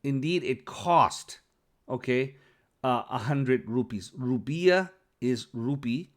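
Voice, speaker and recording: A man's voice: medium pitch, takes it slowly. A man teaching Arabic, reading phrases from a dialogue aloud, translating them and explaining the grammar, often checking in with "okay?".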